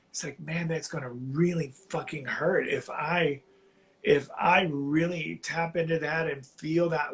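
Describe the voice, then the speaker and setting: A man calling in to a live reading, sharing something painful in a halting, heartfelt way while close to tears. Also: a little high, rough recording. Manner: halting, heartfelt, slow, often restarting phrases. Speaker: caller on a live psychic reading. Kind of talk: emotional personal sharing.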